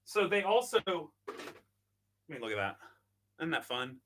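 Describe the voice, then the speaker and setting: Host, male, tinkering on camera, bright tense voice; loose, self-mocking chatter. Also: a little high, sing-song, measured pace. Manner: chatty, self-deprecating, thinks aloud while tinkering. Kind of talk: casual live product demo.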